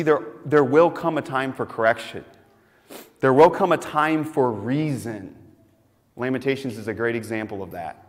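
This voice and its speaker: A pastor preaching a sermon in an earnest, emphatic way, repeating phrases to build his point. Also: medium pitch. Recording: long hall reverb.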